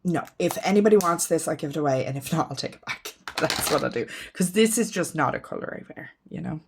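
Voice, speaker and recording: A woman with a low voice talks through her lipsticks in a casual vlog. She thinks out loud, trails off into ums and pokes fun at her own choices with frank, easy candour. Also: lively intonation, quick pace, noisy background. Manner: frank and self-mocking. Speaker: beauty vlogger. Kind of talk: casual makeup declutter chat.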